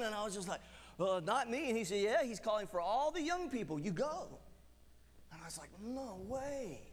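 A man preaching a sermon in a church, telling his own testimony in an animated way and acting out voices. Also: sits high, in a large hall.

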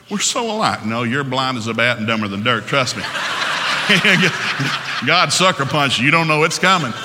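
Bright fast-talking Southern preacher man. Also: medium pitch, in a large hall, a little hiss or hum. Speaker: pastor. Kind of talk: humorous sermon. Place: large church hall with live audience.

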